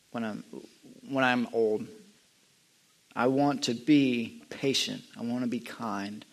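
A young man sharing a personal testimony, earnest and halting, often restarting his sentences and climbing high and loud when he gets stirred up. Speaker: lay speaker sharing a testimony.

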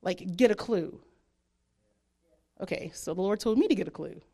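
Woman, animated testimony, chatty delivery that keeps slipping into the voices of other people. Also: medium pitch, normal speed, vocal fry. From southern United States. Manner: animated, chatty, acts out quotes, laughs often. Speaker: speaker giving a testimony. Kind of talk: personal testimony.

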